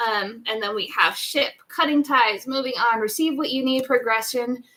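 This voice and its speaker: A woman's voice: a little high, moderate pace, bright, forceful tone, low-quality recording. A woman giving a live tarot reading in a casual, chatty way, often restarting her sentences. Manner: chatty, rambling, many restarts and laughs. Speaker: tarot reader.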